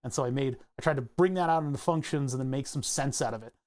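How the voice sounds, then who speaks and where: A man's voice: medium pitch, quick pace, a little mellow. A man casually walking through his microcontroller code, rambling and self-correcting, laughing at himself now and then. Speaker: hobbyist electronics maker.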